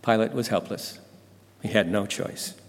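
A man's voice: on the low side, measured pace, vocal fry. Dramatic male Bible storyteller. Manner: dramatic, intense. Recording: long hall reverb.

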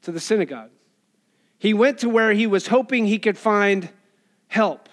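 A man preaching a sermon in a lively, casual way, acting out quoted voices with colloquial asides. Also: sits high, moderate pace. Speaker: pastor.

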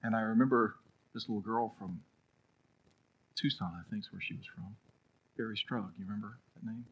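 A man preaching a sermon as pastor, telling a story, then swinging between loud urging and a hushed, prayerful hush. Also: on the low side, fairly even intonation, moderate pace, slightly rough, low-quality recording.

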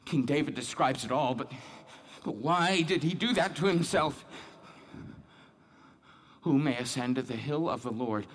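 An actor playing a devout, troubled man who reads scripture aloud and keeps questioning his own guilt and faith. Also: fairly high pitch. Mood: yearning. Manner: questioning, searching, self-doubting. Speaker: man reading scripture alone. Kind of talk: dramatic monologue.

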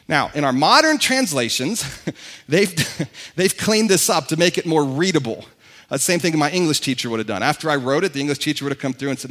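A male pastor preaches in a lively, excitable way, his voice sitting a little high for a man. He gets worked up, races ahead and speeds through his points while talking straight to the congregation. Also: normal speed. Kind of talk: sermon.

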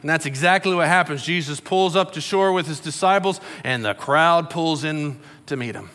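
Middle-aged male pastor, relaxed storytelling sermon, bright tense tone, slightly high voice, long reverb. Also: normal speed, soft background music. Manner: conversational, storytelling with acted quotes.

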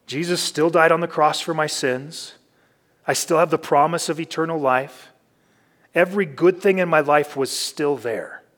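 A man's voice: fairly high pitch, fairly bright tone. A man, a pastor, giving a conversational sermon, telling personal stories candidly and with self-deprecating humor.

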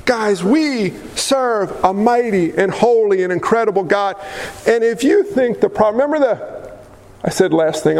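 Pastor guy preaching, super high voice, folksy and punchy, lots of hall echo. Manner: emphatic, folksy, with sudden swings in pitch. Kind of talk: sermon. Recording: long hall reverb.

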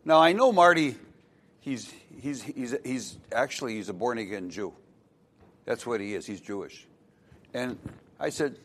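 A man's voice: mid-range voice, animated, a little slow, long pauses, a bit bright. A male pastor telling a joke in his sermon, in a folksy, chuckling storytelling manner.

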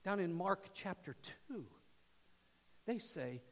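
A man preaching a sermon to his church, swinging from loud emphasis to hushed near-whispers. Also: on the high side, animated, measured pace, in a large hall. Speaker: pastor. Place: church sanctuary.

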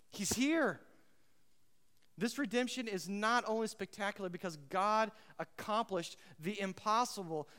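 A man preaching a sermon as pastor, emphatic and repeating his key phrases, swinging between loud and hushed, and putting questions to the congregation. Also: sits high, clean tone, big-room sound.

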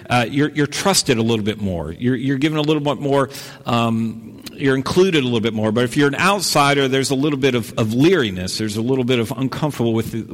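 A male pastor delivering a sermon in an easy, conversational manner. His voice sits at a middle pitch, and he often circles back and restarts his phrases. A long reverb from a church hall trails behind him.

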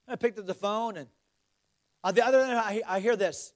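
A middle-aged male pastor preaching a sermon, swinging from loud exhortation to hushed, earnest questions. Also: high voice, brisk.

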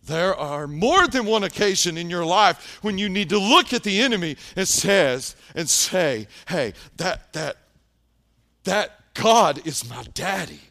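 A man preaching a sermon, telling stories and often dropping to a hushed tone for emphasis. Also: high voice, animated. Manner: storytelling preacher, dramatic pauses, drops to hushed tones. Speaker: pastor.

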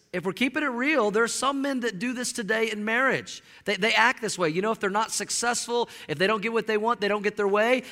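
A middle-aged man preaching a sermon in a church, joking with the congregation and acting out voices. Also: very high-pitched. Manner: animated, jokey preaching with mock voices. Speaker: pastor. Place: church sanctuary. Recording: long hall reverb.

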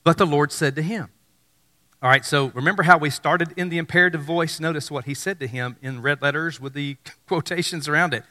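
A lively male preacher whose voice rings out bright and forceful, jumping into excited character voices as he retells scripture. His words echo with a long reverb through a church sanctuary. He talks a little higher than most men. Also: normal speed. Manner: animated, acts out biblical dialogue in excited voices. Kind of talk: sermon.

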